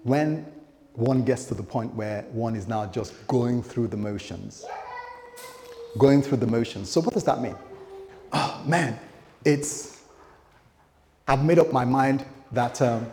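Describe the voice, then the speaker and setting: A man's voice: mid-range voice, slow, pauses often, a little mellow. Man, pastor, chatty sermon, acts out quotes, echoing church hall. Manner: conversational, acts out quoted dialogue.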